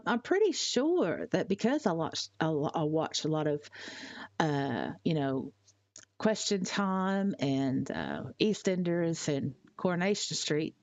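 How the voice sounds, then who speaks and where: A woman from Tennessee, chatting casually on a live stream, rambling and halting with fillers as she reads out chat messages. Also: fairly low pitch, dry recording, muffled recording. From Tennessee, USA.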